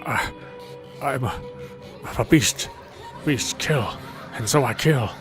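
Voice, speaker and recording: A man's voice: medium pitch, expressive, takes it slowly, music in the background, a crowd in the background. A man voicing a tormented, violent man who calls himself a beast, speaking in ragged, stuttering outbursts, in a fan voice dub of a visual novel.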